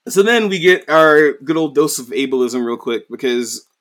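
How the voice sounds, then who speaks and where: A man's voice: a little high, animated, moderate pace, a bit bright. A man casually recapping a story, rambling with lots of fillers and swearing. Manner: profane, rambling, many fillers. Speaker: anime recap host.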